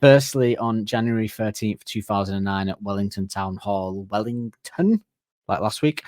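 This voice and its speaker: Excitable podcast co-host. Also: male voice, on the low side, normal speed, no echo, clean studio sound. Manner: excitable, swearing, laughs a lot. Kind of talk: casual music podcast chat. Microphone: podcast microphone.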